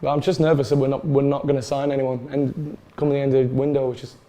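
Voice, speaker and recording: A man's voice: mid-range voice, flat delivery, quick pace, warm tone. A man talking casually about a live football match as a fan, easygoing and laughing along, often restarting his sentences. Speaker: Burnley fan co-host.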